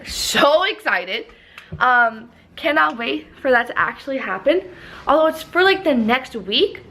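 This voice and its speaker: A woman's voice: high-pitched, lively intonation, a little slow, sharp tone, poor audio. A young woman talking casually in a book vlog, chatty and full of "like". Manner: chatty, fills talk with "like". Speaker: book vlogger. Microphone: camera propped up without tripod.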